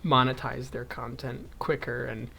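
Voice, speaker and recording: A man's voice: mid-range voice, little pitch movement, unhurried, creaky, pushed and bright, slightly rough. A young man in casual chat, thinking aloud and going off on tangents as he crochets, with frequent chuckles. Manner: rambling, goes off on tangents; chuckles often, thinks aloud while counting stitches. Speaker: vlogger.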